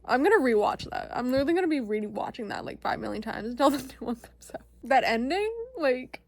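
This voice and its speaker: Woman, book vlogger, bubbly and excitable, slightly high voice, casual chat. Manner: gushing, excitable, repeats words for emphasis; sounds out fantasy names slowly, stumbling and laughing.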